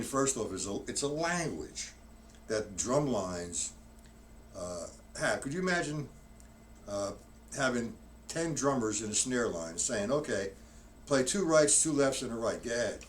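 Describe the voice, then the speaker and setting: A man teaching drums on a live stream, rambling and correcting himself as he counts out loud. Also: mid-range voice. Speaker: drum teacher. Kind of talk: live-streamed drum lesson. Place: practice room with a drum kit. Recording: distant mic, noisy room.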